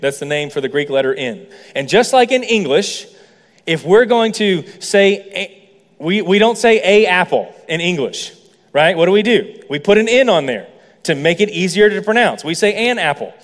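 A man's voice: sits high, expressive, moderate pace, long reverb tail. A man preaching a sermon as a pastor, explaining points with playful asides to the congregation. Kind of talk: sermon teaching.

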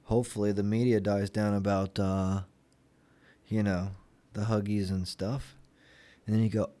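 Rambling sarcastic young man, low voice. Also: little pitch movement, measured pace, long pauses, mellow. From Florida, United States. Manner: rambling, sarcastic, with many fillers. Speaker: vlogger. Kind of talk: casual chat.

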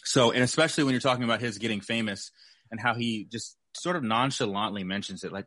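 A man co-hosting a podcast in casual chat, animated, often mock-quoting people in a put-on voice. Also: mid-range voice, a little fast, dry recording. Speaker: podcast co-host.

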